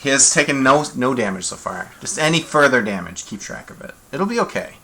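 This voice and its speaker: A man's voice: medium pitch, lively intonation, a little fast, bright, forceful tone, slightly rough. A man running a tabletop game as game master, laid-back and chatty, on a desk mic.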